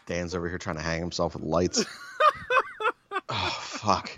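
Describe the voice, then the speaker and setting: A man's voice: sits low, fairly even intonation, measured pace, background noise. A man telling rambling, profane, self-mocking stories in a casual chat.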